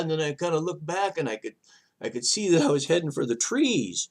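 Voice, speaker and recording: Speaking a little high with a creaky edge, an older vlog host tells a personal story in a casual way. His telling is rambling and lively, broken up by halting restarts.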